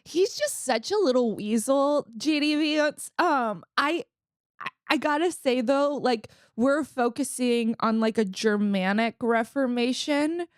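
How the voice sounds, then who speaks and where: A woman co-host riffs through a casual comedy podcast with sardonic, animated energy. Her voice sits a little higher than usual. The sound is dry and close. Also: unhurried, no room sound. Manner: sardonic, animated storytelling with many "like"s.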